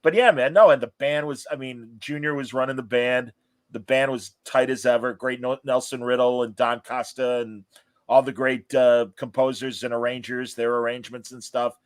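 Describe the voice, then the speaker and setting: A man hosting a podcast in casual chat, telling stories with lively cheering asides. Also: mid-range voice, moderate pace. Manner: animated storyteller, mimics cheering crowds. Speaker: podcast host.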